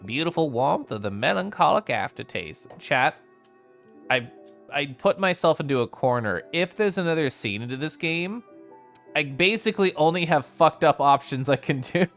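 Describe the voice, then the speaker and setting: A man with a fairly high, creaky, fairly bright voice swings widely in pitch, unhurried and pausing at length, with faint music behind. He chats with viewers while streaming a game from home, playful, sappy and giggly, trying out silly voices.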